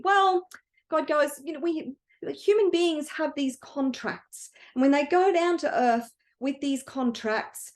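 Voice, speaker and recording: High-voiced woman giving a motivational talk. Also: unhurried. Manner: earnest and emotional. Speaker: wealth coach.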